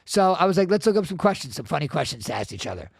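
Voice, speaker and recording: A young man co-hosts a casual podcast with his father. His voice is higher than most, with a gravelly edge. He sounds dry and close, with no room around him. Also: racing, dry recording. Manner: animated storyteller, swears freely, acts out quotes. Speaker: podcast co-host. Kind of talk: casual family chat.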